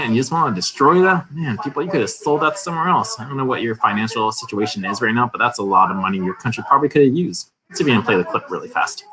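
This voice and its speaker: A man's voice: medium pitch, low-quality recording. Male host, casual news reader, chatty asides, voices in background. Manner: reads articles aloud with chatty asides and laughs. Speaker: crypto news channel host. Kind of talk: casual news reading and commentary.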